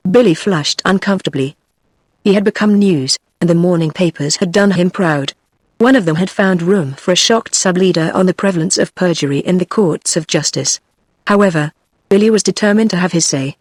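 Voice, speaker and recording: A text-to-speech woman's voice with a British English accent, reading a novel aloud in even, machine-paced narration. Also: fairly low pitch, fairly quick, no room sound, studio quality. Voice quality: even, machine-read delivery. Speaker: audiobook narrator. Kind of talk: synthetic audiobook narration.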